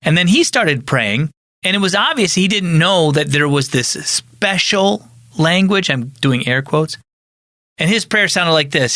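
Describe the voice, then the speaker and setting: A man's voice: fairly high pitch, animated, a little slow, bright, forceful tone, no echo, clean studio sound. A man who is a pastor and podcast host, giving an earnest, conversational teaching talk.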